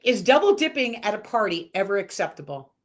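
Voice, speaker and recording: A woman hosting a live-stream interview, firing quick questions in a bubbly, teasing way and laughing often. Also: mid-range voice, very animated. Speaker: host.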